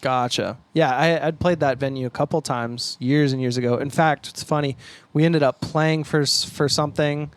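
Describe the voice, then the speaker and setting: A man's voice: a little high, steady tone, normal speed, a little hiss or hum. A young man co-hosting a podcast, talking in an easygoing, agreeable way and laughing along with his partner. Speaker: podcast co-host, guitarist. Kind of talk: casual chat.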